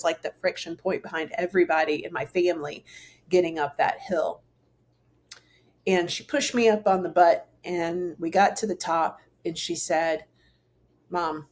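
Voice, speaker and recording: A woman's voice: on the low side, darkish tone. A middle-aged woman hosting her own show, talking earnestly and casually to camera, rambling with fillers and restarts. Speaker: host. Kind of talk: casual solo talk to camera.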